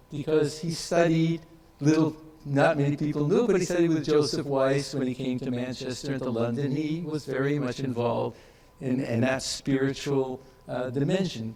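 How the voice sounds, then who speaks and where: A man giving a reflective tribute speech at an academic conference, pausing on fillers and repeating words. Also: fairly high pitch, poor audio. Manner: reflective, with frequent fillers and restarts. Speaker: conference speaker.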